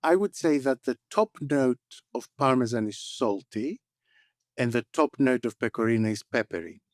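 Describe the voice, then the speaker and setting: A man's voice: mid-range voice, expressive, moderate pace, no echo. A man co-hosting a podcast, chatting through the news in a wry, thoughtful way on a close mic. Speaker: podcast co-host. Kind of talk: casual news chat.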